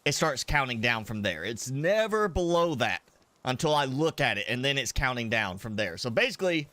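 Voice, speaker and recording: On a dry recording, a gaming streamer talks in a sing-song, mid-range voice at normal speed, pushed and bright. He rambles through casual live-stream chat while eating spicy food, coughing from time to time.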